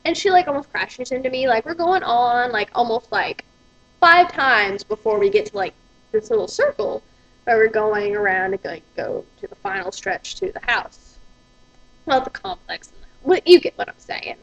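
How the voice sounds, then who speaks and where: A woman's voice: on the high side, sing-song, normal speed, gravelly, muffled recording. A woman, ranting profanely and with exasperation in a vlog. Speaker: vlogger.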